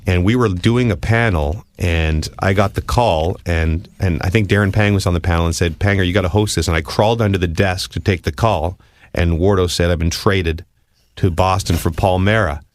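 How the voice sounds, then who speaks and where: A man from Canada hosting a podcast in a studio, telling animated stories and mimicking people. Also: sits low, normal speed, no room sound. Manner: animated storyteller doing impressions. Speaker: podcast host. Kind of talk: casual podcast chat.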